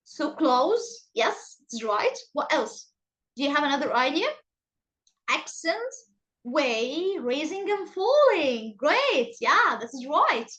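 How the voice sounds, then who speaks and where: A woman with an Egyptian accent teaching English intonation in an online class over a video call, speaking slowly and emphatically. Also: big pitch swings, fairly bright tone, rough recording. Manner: slow, emphatic, exaggerated rising and falling pitch.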